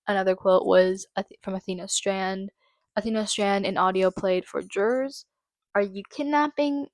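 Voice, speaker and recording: A woman hosting her own channel, reading out trial quotes haltingly and breaking into angry, swearing commentary. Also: mid-range voice, dry recording. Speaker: channel host. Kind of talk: true-crime commentary.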